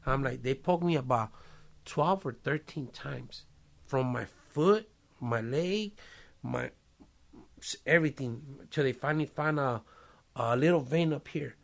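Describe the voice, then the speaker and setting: A man's voice: medium pitch, measured pace, vocal fry. A man casually telling a long personal story in a podcast studio, cursing often and using street slang. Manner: profane, streetwise slang, lively retelling with quoted voices.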